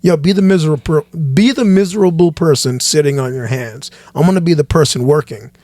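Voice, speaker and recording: On a casual podcast chat, a guest pastor with a fairly high male voice talks a little fast and in an animated, preacher-like style. He keeps circling back and restarting phrases as his point builds, recorded close and dry without room echo.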